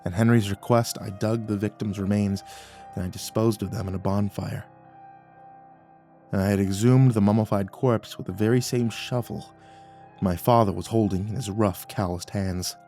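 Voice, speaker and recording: A man narrating a first-person horror story in a dramatic way, at times rising to near-shouts. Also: fairly low pitch, steady tone, normal speed. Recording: faint music underneath.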